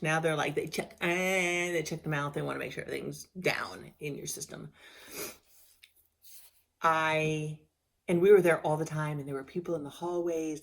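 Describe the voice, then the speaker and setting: A middle-aged woman speaking to her camera in a loose, personal storytelling way. Her voice sits a little low for a woman, and she talks candidly and with feeling, stumbling into restarts and letting phrases trail off. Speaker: vlogger.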